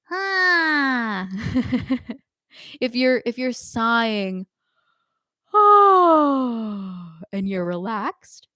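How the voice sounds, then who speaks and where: A woman's voice: fairly high pitch, smooth, no echo, studio quality. A young adult woman teaching a live online singing lesson, explaining in a friendly way with frequent ums and short sung demonstrations.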